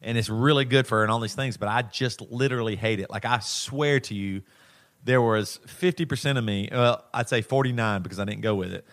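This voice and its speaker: A man's voice: medium pitch, fairly quick, a bit bright, no room sound. A man in his thirties, a podcast co-host, telling a personal story in a rambling, emotional way with many restarts. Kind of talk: casual chat.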